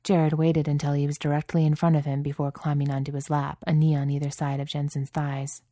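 A woman reading a story aloud in calm, even narration. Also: low voice, fairly quick, no room sound. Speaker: audiobook reader.

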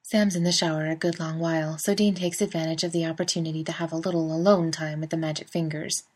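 A woman's voice: sits low, steady tone, fast talker. A woman narrating a fan fiction story in a wry, conversational way. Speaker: reader. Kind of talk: fan fiction audiobook reading.

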